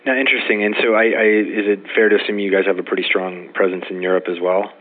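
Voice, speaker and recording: Low husky podcast host. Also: male voice, flat delivery, quick pace, phone-quality sound. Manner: friendly, chatty, many fillers and restarts. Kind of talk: casual interview.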